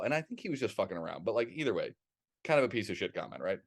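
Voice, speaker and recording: A man with a fairly low voice co-hosts a casual podcast, and he rambles through stories with lively, animated energy and a lot of swearing. He keeps his delivery loose and conversational, as if he's just chatting with friends. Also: rapid-fire, gravelly. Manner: rambling, animated storyteller who swears freely. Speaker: podcast co-host.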